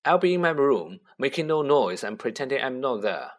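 Quiet glum teenage boy, subdued and flat, read by a man. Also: medium pitch, normal speed. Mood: sullen.

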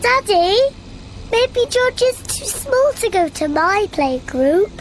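A woman's voice: very high-pitched, sing-song, slow pace, slight background noise, exaggerated voice, low-quality recording. A woman voicing a bossy, cheerful little girl pig in a cartoon, proud and giggly. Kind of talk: cartoon voice acting.

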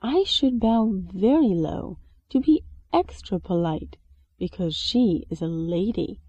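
Woman voicing a polite cat busboy, formal, lively pitch, unhurried, storybook. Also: slightly rough, no room sound, muffled recording. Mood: musing.

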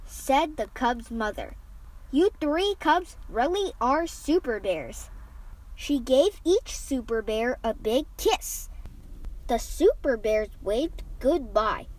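A high-pitched woman reads a children's picture book aloud, telling the story gently and expressively and giving the characters lively voices.

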